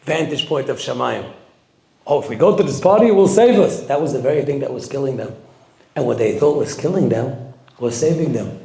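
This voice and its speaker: A man giving a sermon as a rabbi, telling the story with lively acted-out quotes and Hebrew terms. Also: on the high side. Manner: animated storytelling, acting out quoted voices; sprinkles Hebrew and Yiddish terms. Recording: echoey room.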